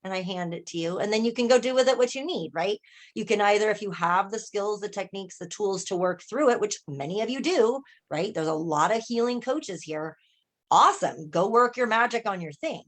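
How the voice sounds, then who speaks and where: A woman coach and healer in an animated, casual group chat on a video call, often checking in with her listeners as she tells stories. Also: mid-range voice, fairly quick. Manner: animated storyteller, often asks "right?" and acts out quoted voices.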